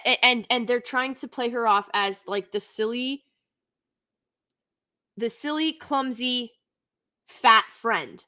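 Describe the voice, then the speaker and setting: A woman hosts a live stream, reviewing a TV show off the cuff. Her voice sits a little high and sounds bright and crisp. She hammers her points home with exasperated repetition. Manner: emphatic, repeats points over and over; exasperated, critical.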